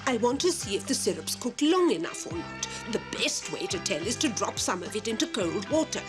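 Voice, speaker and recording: A woman voicing a kindly middle-aged cook in an animated dub, gentle and patient. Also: mid-range voice, fairly quick, over music, natural voice. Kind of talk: animated series dub acting.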